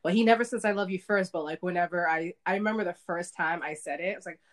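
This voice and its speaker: A woman's voice: on the low side, fast. A young adult woman from a Haitian family, telling family stories in casual chat and acting out what relatives said. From Haitian family in Boston area. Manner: animated storyteller, acts out relatives' lines.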